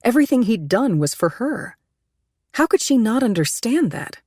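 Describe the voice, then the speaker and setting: A woman reading an audiobook thriller in steady, measured scripted narration. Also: on the high side, slightly rough, no echo, clean studio sound.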